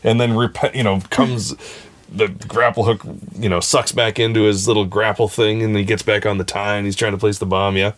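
A man's voice: on the low side, flat delivery, normal speed. A man in casual podcast chat, talking enthusiastically with lots of fillers and restarts. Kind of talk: casual chat recapping a TV episode.

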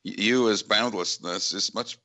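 Very deep-voiced, bright reflective radio host. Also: male voice. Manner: halting and reflective, with many fillers. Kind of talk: radio interview.

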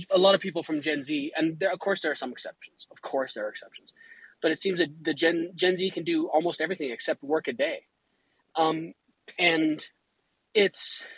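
A fairly high-voiced man from Canada talks in a wry, tongue-in-cheek way, stopping and restarting his sentences. His voice is husky and breathy. The recording is dry, with no room sound. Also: no echo, poor audio. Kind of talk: casual chat.

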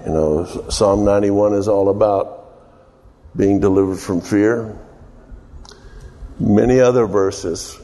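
A man preaching an informal sermon, rambling and unhurried with many fillers, his voice ringing with long hall reverb. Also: on the low side, steady tone, warm tone.

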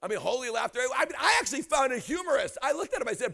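A man preaching an energetic storytelling sermon, often shouting, acting out quotes and laughing. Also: very high voice, racing, creaky, hardly any pauses.

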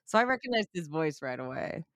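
Woman podcast co-host, casual and animated, curses often, dead-dry sound. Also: deep voice, fairly quick, no room sound. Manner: excited, swears freely, acts out her own reactions. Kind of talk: casual movie chat.

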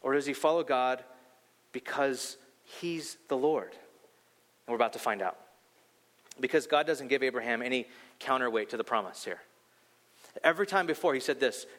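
A young adult man preaching a sermon, firing off rhetorical questions and telling a personal story, his voice climbing high as he grows heated. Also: fairly quick, long pauses. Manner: animated storytelling, rhetorical questions, pitch rising when heated. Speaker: pastor. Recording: long hall reverb.

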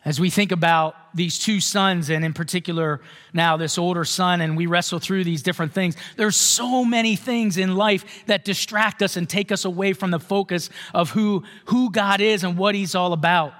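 A man's voice: high voice, moderate pace, hardly any pauses, a bit bright, long reverb tail. A male pastor giving a sermon in a conversational way, often checking with the congregation. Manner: conversational, asks the congregation questions.

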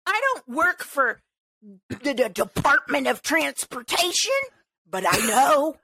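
Brief: high-pitched woman podcast host, exasperated, animated ranting, close dry mic. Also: slow, no room sound. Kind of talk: casual chat.

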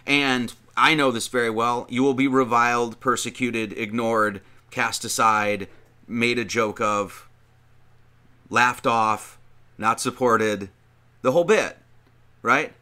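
A man's voice: mid-range voice, fairly even intonation, slow, sharp tone. A man giving an informal sermon, reading scripture aloud and commenting on it in a conversational way, with frequent restarts and emphatic lists. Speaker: preacher.

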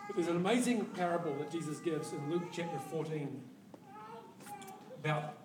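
A man preaching a sermon, telling a story with lively laughter and acted-out quotes, heard from a distance in an echoey church hall. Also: a little high, normal speed, noisy background. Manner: animated storyteller, laughs often, acts out quoted voices.

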